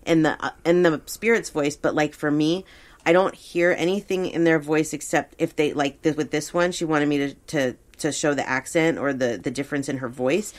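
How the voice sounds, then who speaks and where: Low-voiced woman hosting a reading. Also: normal speed. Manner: hesitant, relaxed, many fillers. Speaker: host and psychic medium. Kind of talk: casual podcast reading.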